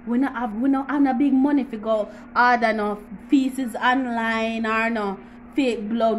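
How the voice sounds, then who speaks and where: A woman's voice: on the high side, fairly even intonation, measured pace, muffled recording, slight background noise. A woman with a Jamaican accent hosting a casual home how-to vlog, chatty and teasing, with frequent laughs. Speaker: YouTuber.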